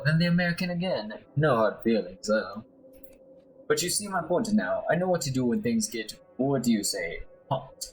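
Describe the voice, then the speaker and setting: A man voicing a smooth-talking male mercenary bodyguard in a put-on Spanish accent, sly and persuasive, while playing a game. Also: medium pitch, close to an everyday voice, rough recording. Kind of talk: let's play voice acting.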